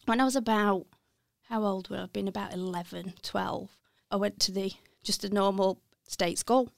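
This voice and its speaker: A middle-aged woman with a gravelly, medium-pitched voice and fairly even intonation talks at normal speed, her Birmingham accent marking her as from the West Midlands, England. As a guest interviewee and accounting firm partner, she reflects candidly, amends her sentences partway through, and laughs gently. There is no room sound, and the audio is studio-clean.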